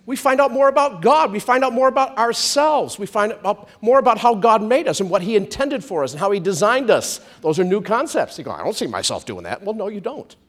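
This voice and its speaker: A man preaching a sermon to a church congregation, animated, swinging from loud comic outbursts to soft hushed storytelling. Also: sits high, a little fast, few pauses.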